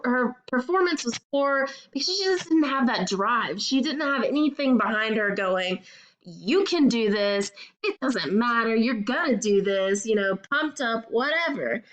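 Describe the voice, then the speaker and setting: A woman's voice: on the high side, muffled recording. A woman student giving a recorded class presentation, telling a story casually with filler words.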